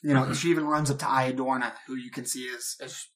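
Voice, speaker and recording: A man's voice: medium pitch, steady tone, a little fast. A man narrating a tabletop game as game master, describing scenes loosely with many fillers.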